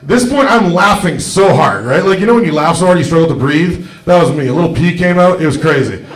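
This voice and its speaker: A man's voice: on the high side, lively intonation, quick pace. A man doing a stand-up set in a comedy club. He talks in a casual, rambling way into a handheld mic and keeps tossing "right?" to the crowd. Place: comedy club stage before a live audience. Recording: echoey comedy club, from far off.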